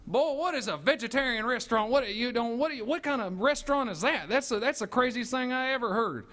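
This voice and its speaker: A man voicing a suspicious rural male police officer, gruff and incredulous. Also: very high-pitched, lively intonation, fairly quick, sharp tone, pitched above the performer's own voice, exaggerated voice. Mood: mocking.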